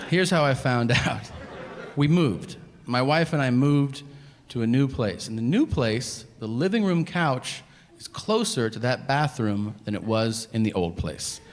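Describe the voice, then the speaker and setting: A man doing stand-up comedy, telling stories with profane, deadpan asides before a live audience. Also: mid-range voice. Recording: live stage recording with hall reverb and audience noise.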